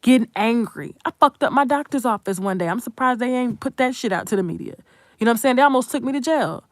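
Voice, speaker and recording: Talking directly to her audience, a commentary channel host rants off the cuff with emphatic, profane bluntness. Her voice sits on the high side, with lively intonation and a quick pace, captured in a clean studio with no room sound.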